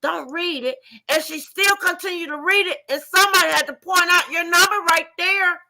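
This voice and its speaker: High, bright-voiced woman arguing passionately. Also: fairly even intonation, brisk. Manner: passionate, emphatic, profane. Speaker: live stream panelist. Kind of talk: heated live stream debate.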